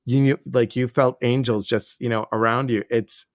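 A man's voice: mid-range voice, normal speed, no room sound, clean studio sound. A middle-aged man hosting a podcast interview, telling stories earnestly and acting out what others said. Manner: earnest, animated storyteller who acts out others' lines. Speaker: podcast host and life coach. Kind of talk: casual interview chat.

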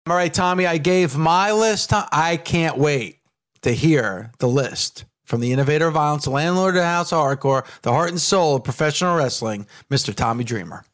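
A man's voice: on the high side, lively intonation, normal speed. A man co-hosting a wrestling talk radio show, emphatic and repeating his points for effect. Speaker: radio co-host.

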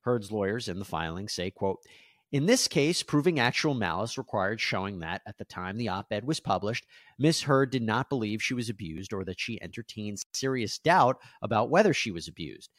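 A man's voice: fairly low pitch, animated, normal speed, fairly bright tone, no room sound. A man hosting a legal news show, explaining court filings and reading quotes from them aloud.

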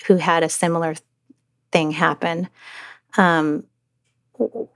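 A middle-aged woman recounts a family story in an interview, her voice sitting on the lower side. She speaks haltingly, restarting phrases and filling gaps. The sound is dry and close. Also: fairly even intonation, no echo. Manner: halting, many restarts and fillers. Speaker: mother telling her story. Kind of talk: personal interview account.

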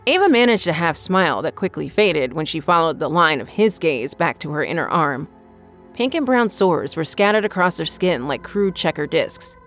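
Low, measured woman narrating a horror story. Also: sing-song, fairly bright tone, soft background music.

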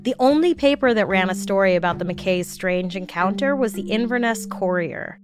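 A woman's voice: mid-range voice, expressive, moderate pace, music in the background. A woman hosting a podcast, narrating a scripted story with wry, jokey asides. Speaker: podcast host.

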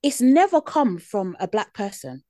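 Co-animatrice londonienne, voix mobile, ton vif et rieur, son sec. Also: female voice, mid-range voice, normal speed, no echo, clean studio sound. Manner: animated, laughs often, acts out quoted voices. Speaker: podcast co-host. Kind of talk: casual chat.

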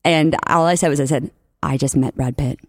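A young woman from New Orleans, a podcast guest, telling lively stories in casual chat and acting out the lines of the people she quotes. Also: low voice, fairly quick, no room sound, clean studio sound. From New Orleans, USA. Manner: animated storyteller, acts out quotes, laughs often.

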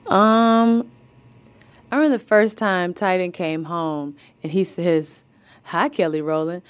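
A woman being interviewed, with a slightly low voice, chatting easily about home life. She laughs a lot and slips into little voices when quoting others, in a relaxed conversational way. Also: slow pace, clear, resonant tone. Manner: laughs often, tells stories with quoted voices. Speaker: guest. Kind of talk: casual interview chat.

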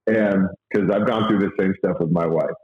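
An earnest man talks things through in a lowish voice, stopping and restarting often. The recording is roomy and has a dull, lo-fi tone. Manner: halting, many fillers and restarts, earnest. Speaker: guest sharing faith and money advice. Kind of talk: casual conversational talk.

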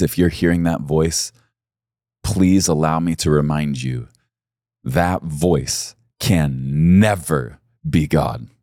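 A man's voice: a bass voice, mellow, no echo, studio quality. A middle-aged male pastor preaching a sermon in an earnest, intimate way that swells to emphatic peaks.

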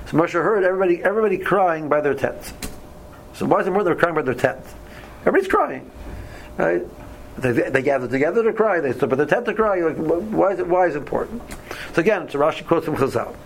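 A man's voice: on the high side, expressive, fast talker, slight background noise, rough recording. A man leading a casual Torah study class, often stumbling over and repeating words, reading Hebrew verses aloud and then explaining them.

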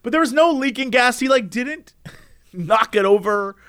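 Young man, casual podcast co-host; high, sing-song storyteller who jumps into shrill shouted impressions. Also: normal speed, clean tone, no room sound, studio quality. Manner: animated, acts out people in shrill shouts.

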